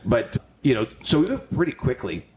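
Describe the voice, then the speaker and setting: A Southern Californian man, a wrestling promoter as guest, speaking in a halting way with frequent restarts. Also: mid-range voice, a little hiss or hum. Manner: halting, restarts, expressive reactions. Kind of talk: casual interview chat.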